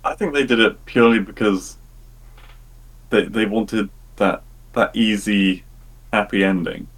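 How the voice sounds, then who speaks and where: A low-voiced man giving his frank take on a film as a podcast co-host. He speaks bluntly, with strong opinions and casual swearing. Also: unhurried, poor audio. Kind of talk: casual movie review chat.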